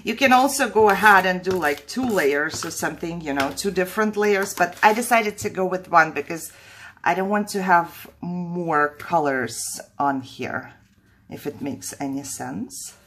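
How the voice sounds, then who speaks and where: A woman's voice: fairly low pitch, expressive, measured pace, a bit bright, slight background noise. A middle-aged woman hosting a casual craft tutorial at home, chatting, laughing often and second-guessing herself. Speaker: crafting channel host.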